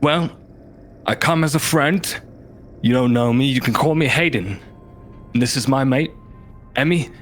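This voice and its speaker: A man voicing a bold, smooth-talking male pirate rogue with hearty sea-dog swagger in a tabletop game. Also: medium pitch, measured pace, pauses often, soft background music, lightly acted.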